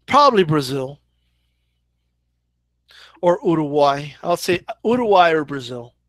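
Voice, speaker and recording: With a high-leaning voice that swings widely in pitch, a boxing channel host speaks unhurriedly in a dry recording. His live Q&A is casual and chatty, his answers to viewers full of "like" and "right?".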